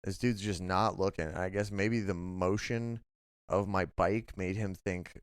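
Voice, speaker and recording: A man's voice: deep voice, fairly even intonation, unhurried, smooth, dry recording, clean studio sound. A young man co-hosting a casual late-night podcast, telling stories in a rambling way, full of "like" and swearing. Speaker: podcast co-host.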